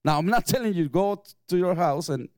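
A man's voice: high voice, animated, a little fast, darkish tone, dry recording. A middle-aged man, preaching a sermon in an emphatic way and mixing in personal stories with light chuckles. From Mexico. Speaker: pastor.

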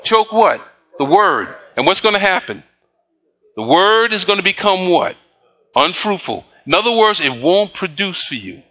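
A man preaching a sermon, reading scripture slowly and pausing to prompt the congregation with call-and-response questions. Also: high voice, sing-song, pushed and bright. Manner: slow emphatic scripture reading. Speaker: pastor.

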